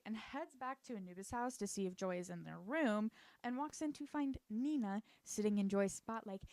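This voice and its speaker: A woman's voice: mid-range voice, a little fast, a little mellow, dry recording. A woman chatting casually and sarcastically as she recaps a TV show, full of "like" asides. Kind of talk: casual commentary.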